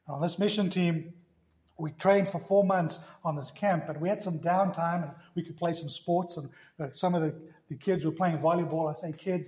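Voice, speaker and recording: A man's voice: on the high side, a little mellow. A man preaching a sermon as pastor, telling stories with emphatic, rising delivery. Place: church.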